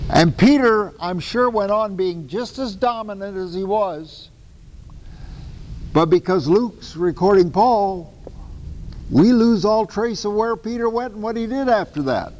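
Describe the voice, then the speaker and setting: Guy teaching a bible class, kinda high voice, lots of echo, keeps stopping to correct himself. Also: a little hiss or hum. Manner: animated, emphatic, with asides and self-corrections.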